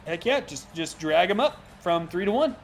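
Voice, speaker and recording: A man doing play-by-play commentary for a sim racing broadcast, chatty and quick, laughing easily between calls. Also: sits high, expressive, faint music behind.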